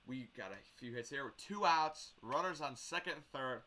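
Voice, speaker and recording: A young man with a bright, forceful voice tells a game story to camera in a casual vlog. He is animated and wry, sounding exasperated as he keeps cutting himself off and starting over. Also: medium pitch, moderate pace. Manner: animated, wry, exasperated retelling with self-interruptions. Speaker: baseball player and umpire vlogger.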